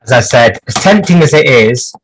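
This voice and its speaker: A man talking through a workshop demonstration at a middling pitch, wandering from point to point as his hands keep busy. He thinks aloud, teaching clock repair live from his bench. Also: lively intonation, normal speed, slight background noise, rough recording.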